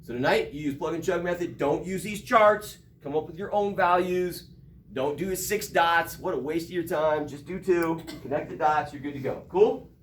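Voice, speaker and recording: A man's voice: on the high side, normal speed, echoey room, slight background noise. A middle-aged man teaching a math class, emphatic and joking, recorded from far off in a classroom. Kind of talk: classroom lecture.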